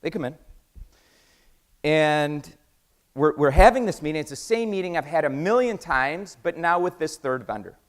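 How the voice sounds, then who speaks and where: An American man giving an energetic conference talk, quizzing the audience and acting out conversations. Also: on the high side, moderate pace. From United States. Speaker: conference speaker. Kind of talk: keynote talk with acted-out dialogue.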